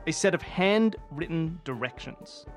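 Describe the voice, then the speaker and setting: Man, game master, higher pitch, very lively intonation, jokey, narrating. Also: music in the background. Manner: animated, jokey, narrates in a slow measured tone. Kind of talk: running a game, casual chat.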